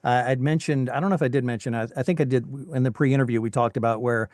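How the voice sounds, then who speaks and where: A middle-aged voice actor from Tennessee with a faint Southern accent, chatting casually in an interview with lots of restarts. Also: male voice, mid-range voice, fairly even intonation, quick pace, a little mellow, dry recording, clean studio sound. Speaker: voice actor, guest.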